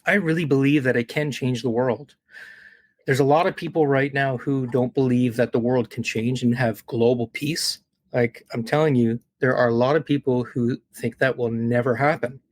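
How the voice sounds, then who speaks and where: A man with a voice of middling pitch speaks as an interview guest, earnest and heartfelt. He often repeats his words and checks in with the listener. The sound is dry and close, with no room echo. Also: fairly even intonation, moderate pace. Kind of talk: earnest conversational storytelling.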